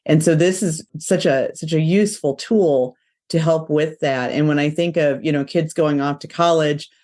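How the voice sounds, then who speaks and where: A woman's voice: deep voice, moderate pace, warm tone. A woman hosting a podcast interview, enthusiastic and chatty, with a slightly nasal voice from allergies. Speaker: podcast host.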